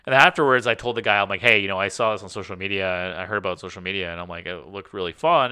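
A talkative man in a relaxed podcast chat, his lower voice bright and crisp. He rambles through stories, full of "like", and acts out every quoted conversation. The sound is close and dry. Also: very fast, no room sound. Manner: rambling storyteller, heavy use of "like". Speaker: podcast co-host. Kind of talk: casual chat.

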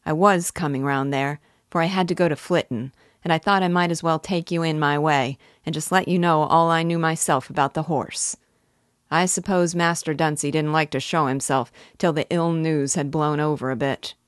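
A woman's voice: sits low, fairly even intonation, moderate pace, no echo, studio quality, lightly acted. Woman reading as a chatty, insinuating male horse dealer.

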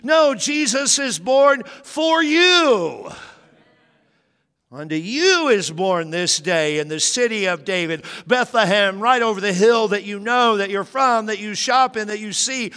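A man in his fifties preaching a sermon as pastor, animated and joking, with sudden emphatic bursts. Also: sits high, moderate pace, few pauses, clean tone. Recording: long hall reverb.

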